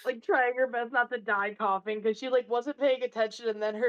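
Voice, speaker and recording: A woman playing a tabletop game, with a fairly high voice. She chats casually and gushes about the story. Faint music sits in the background. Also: steady tone, fairly quick, muffled recording. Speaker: player. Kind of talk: casual chat.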